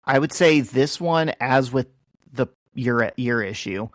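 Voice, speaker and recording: A man hosts a podcast, telling a comic book story in a relaxed, chatty way full of fillers and restarts. His voice sits at an ordinary middle pitch. The sound is dry and close to the mic. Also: a little slow, dry recording. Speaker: podcast host. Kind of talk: casual comic book recap.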